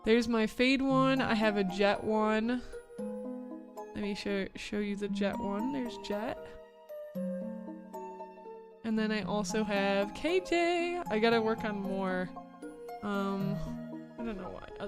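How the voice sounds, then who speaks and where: A woman's voice: medium pitch, animated, takes it slowly, pauses often, over music. A woman streamer in casual livestream chat, bubbly and chatty as she reads out viewer messages and thanks them.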